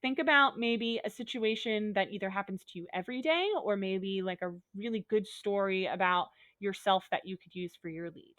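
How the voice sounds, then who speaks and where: Woman teacher, upbeat and goofy, patient step-by-step explainer, average pitch, dry close recording. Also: normal speed, few pauses, fairly bright tone, dry recording. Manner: upbeat, goofy, talks through examples step by step. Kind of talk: recorded online lesson.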